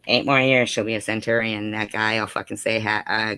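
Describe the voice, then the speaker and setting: A man's voice: on the low side, fairly even intonation, fairly quick, sharp tone, smooth, dry recording. A man reading out and mocking a livestream chat in a sarcastic, heavily profane way. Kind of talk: casual livestream commentary.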